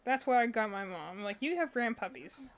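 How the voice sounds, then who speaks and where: A woman's voice: a little high, expressive, normal speed, a little hiss or hum. A young woman streaming from home, chatting casually and rambling with lots of fillers and laughs. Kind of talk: casual chat while crocheting. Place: home with barking dogs.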